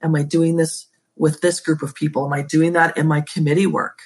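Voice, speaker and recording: A woman's voice: sits low, little pitch movement, fairly quick, a little mellow, husky. A woman guest talking as an educator and school leader in a podcast interview, emphatic and passionate, with pet phrases she repeats.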